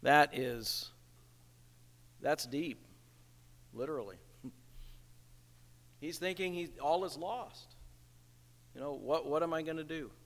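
Slow, emphatic preacher in a reverberant hall. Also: male voice, a little high, fairly bright tone. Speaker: pastor. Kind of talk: sermon.

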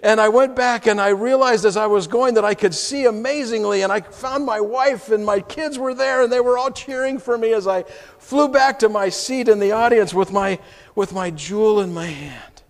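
A male pastor preaching an emotional first-person story, heartfelt, going from hushed to exclaiming, in a church sanctuary. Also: high voice, moderate pace. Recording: long hall reverb.

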